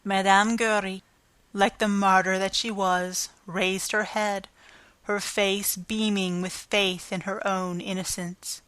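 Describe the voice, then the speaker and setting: A woman narrating a classic novel as an audiobook, with a measured, expressive reading. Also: medium pitch, clean tone, no room sound.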